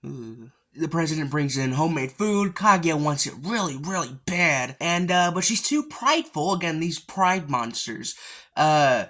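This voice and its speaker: A man's voice: fairly high pitch, expressive, measured pace, sharp tone. A man giving a casual, rambling recap of an anime episode, full of fillers and mild swearing, often jumping into characters' lines with a raised voice.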